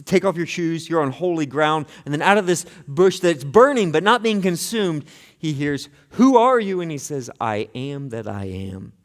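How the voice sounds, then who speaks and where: A man preaching a sermon as pastor, earnest, moving between hushed and intense delivery, often repeating words as he starts a phrase. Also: on the high side, long reverb tail. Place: church sanctuary.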